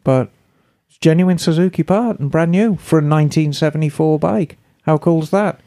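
A woman's voice: deep voice, moderate pace, warm tone. Chatty woman co-hosting a motorcycle podcast. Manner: chatty, easygoing, casual swearing. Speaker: podcast co-host. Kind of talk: casual chat, reading listener emails.

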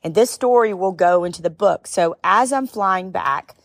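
A middle-aged woman hosting a podcast, telling a personal story in an expressive, sometimes tearful way that rises into high exclamations. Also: moderate pace, no room sound, studio quality. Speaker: podcast host and speaker. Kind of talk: emotional storytelling monologue.

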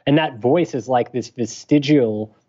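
Male doctor guest, middle voice, calm explainer, slightly muffled lo-fi sound. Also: mid-range voice. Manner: measured, explanatory. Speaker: guest physician. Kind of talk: podcast interview.

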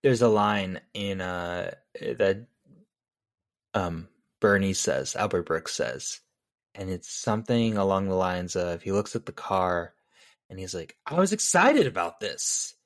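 A man's voice: low voice, takes it slowly. A man chatting casually about a movie, rambling with many fillers and laughing easily. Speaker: podcast co-host. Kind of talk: casual film discussion.

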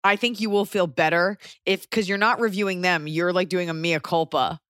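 A young adult woman with a lowish voice hosts a podcast in a sarcastic, blunt, comedic way. She swears freely and the recording is close and dry, with no room sound. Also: fairly even intonation, normal speed, a bit bright, no echo. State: pregnant. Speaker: podcast host. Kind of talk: casual comedic chat.

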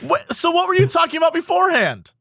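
Man, podcast co-host, high voice, very lively pitch, bright sound, dry close mic. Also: quick pace, creaky, dry recording. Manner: animated, jokey, puts on silly voices. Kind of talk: casual comedy chat.

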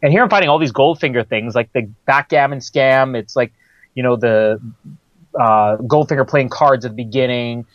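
A man's voice: mid-range voice, moderate pace, dry recording. Chatty man with dull, dry audio. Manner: chatty, rambling with laughs and fillers. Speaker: podcast host. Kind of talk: casual film discussion.

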